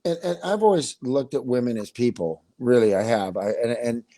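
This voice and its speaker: A man's voice: medium pitch, moderate pace, crowd noise. A man on a video call chatting casually, telling a long story in a rambling way with many restarts. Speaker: musician guest. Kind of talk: casual chat.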